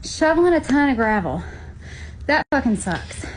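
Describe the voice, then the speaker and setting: A woman's voice: high voice, big pitch swings, normal speed, low-quality recording. A woman ranting in a vlog, profane and exasperated.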